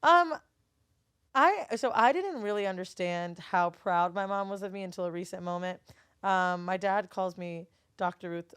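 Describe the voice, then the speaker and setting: A woman's voice: mid-range voice, moderate pace, a bit bright, smooth, no echo, studio quality. A woman in a casual podcast chat, talking candidly and swearing freely, acting out her relatives' voices as she tells stories. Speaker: guest, studio owner and TV host.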